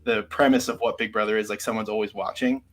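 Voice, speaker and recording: A man's voice: on the low side, fairly even intonation, quick pace. A man, a podcast guest, chatting casually about a reality show, rambling with lots of fillers and restarts. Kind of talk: casual chat.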